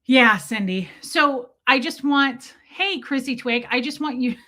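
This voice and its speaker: A woman with a high, pushed, bright voice hosts a livestream at an unhurried pace. Frank and foul-mouthed, she reads comments and talks directly to her viewers.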